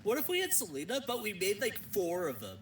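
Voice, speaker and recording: Lively, swearing co-player on a stream. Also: medium pitch, fairly quick, a little hiss or hum. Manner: animated, swearing, joking. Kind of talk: casual chat. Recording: distant mic, loud game music.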